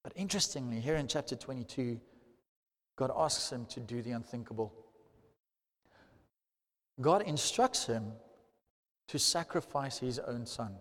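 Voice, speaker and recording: A man preaching a sermon, animated and swelling loudly to stress key points, recorded in a large hall. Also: mid-range voice, measured pace, long pauses. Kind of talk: sermon teaching. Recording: long hall reverb.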